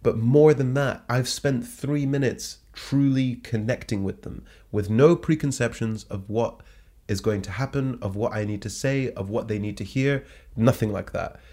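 A man, a stand-up comedian, recounting a story in a loose, conversational way. He switches into higher, sillier voices whenever he quotes himself or others, which keeps the telling animated. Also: normal speed. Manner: animated, jumps pitch to act out quoted lines. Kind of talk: casual anecdotal storytelling.

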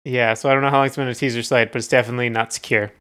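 Guy with a clear bright voice musing about a song, a bit hesitant, dry mic. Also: medium pitch, flat delivery, racing, dry recording. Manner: hesitant, searching for words. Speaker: podcast co-host reviewing music. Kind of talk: casual chat.

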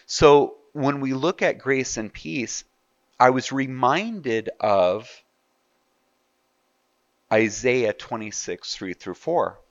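A man's voice: medium pitch, takes it slowly, long pauses, no room sound, highs cut off. A man preaching a sermon in a conversational way, asking his listeners rhetorical questions. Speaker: pastor.

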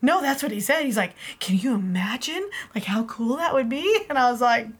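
A woman's voice: a little high, lively intonation, normal speed. A woman in her thirties co-hosting a podcast, chatting casually with short replies and frequent laughs. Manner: brief agreeing replies, laughs often. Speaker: podcast co-host. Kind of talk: casual chat.

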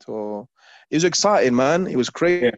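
London guy, ex footballer, animated storytelling, dry dull sound. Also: medium pitch, normal speed, no echo. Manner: animated, repeats phrases, acts out his past self. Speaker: former footballer, guest. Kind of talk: casual interview storytelling.

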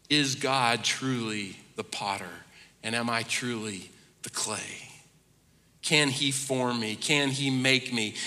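A man preaching a sermon as pastor, swinging between hushed asides and loud emphatic runs. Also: mid-range voice. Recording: long reverb of a large hall.

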